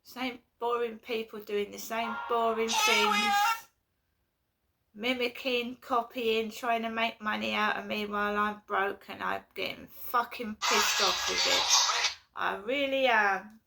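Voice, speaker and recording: A woman's voice: on the high side, steady tone, takes it slowly, vocal fry, very noisy. A woman, ranting and swearing in a home vlog, repeating herself as she gets worked up. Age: 50s. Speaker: vlogger. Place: at home indoors.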